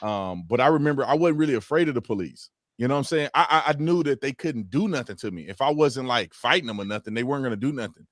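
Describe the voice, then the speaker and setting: A man's voice: mid-range voice, fast, few pauses, no room sound. Guy hosting a livestream, chill, stumbles n restarts, mid voice, dry close sound. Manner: relaxed, stumbling restarts, easy laughter. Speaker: host. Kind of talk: casual livestream chat.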